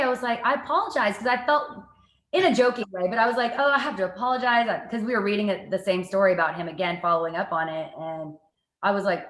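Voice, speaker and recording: A woman, a TV reporter, telling stories from her work in a casual interview, lively and self-mocking. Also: medium pitch, reverberant. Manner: lively, animated storytelling with self-mocking asides. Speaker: guest, TV reporter and anchor.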